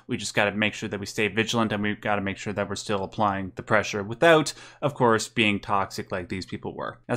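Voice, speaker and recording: A man hosting a casual chat show, presenting news topics in a steady, opinionated way. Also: fairly low pitch. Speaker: podcast host presenting news.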